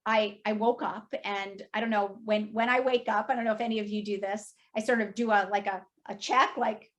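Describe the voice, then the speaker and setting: A woman's voice: medium pitch, steady tone, a little fast, hardly any pauses, highs cut off. A woman in her fifties telling a personal story at a talk, candid and emotional, with many casual fillers. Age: 50s. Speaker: speaker at an industry talk.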